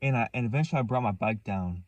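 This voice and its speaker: A man's voice: on the low side, fast talker, no echo, distant mic, lo-fi sound. Rambling young man telling a story. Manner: rambling, restarts and repeats himself, animated. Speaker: vlogger. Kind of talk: casual storytelling.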